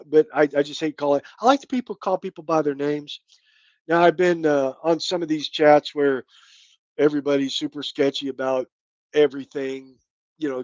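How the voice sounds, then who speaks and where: A man's voice: medium pitch, no room sound, lo-fi sound. A middle-aged man from Kentucky with a light Kentucky accent, hosting a casual live stream chat in a rambling, folksy way. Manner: rambling, folksy, thanks viewers by name. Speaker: channel host.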